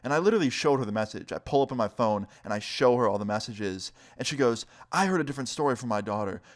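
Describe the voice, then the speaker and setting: A young man in his twenties telling a casual story time vlog, animated and swearing, speeding up and slowing down. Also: medium pitch.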